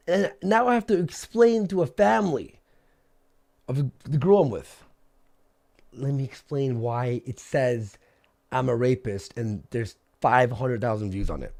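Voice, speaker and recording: A man's voice: medium pitch, vocal fry, a little mellow. A man ranting angrily on a livestream, agitated and swearing, often repeating himself. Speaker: streamer. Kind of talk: angry livestream rant.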